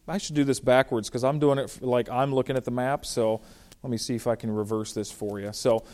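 A man teaching through a Bible passage verse by verse in a conversational, animated way, with frequent fillers and restarts. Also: medium pitch, fairly quick. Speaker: pastor.

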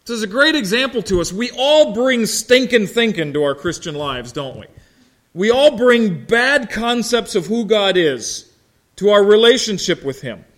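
A man from Ohio, a pastor with a slow drawl, preaching a sermon and telling folksy stories while quizzing his congregation. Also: high voice, big pitch swings, a bit bright. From Ohio, United States. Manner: folksy storytelling, asks the congregation questions.

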